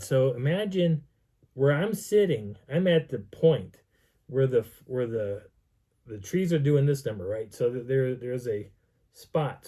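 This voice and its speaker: A man telling a personal outdoor story in an animated way, acting out sounds and voices. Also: mid-range voice. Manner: lively, acts out sounds and dialogue. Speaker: vlogger telling a field story.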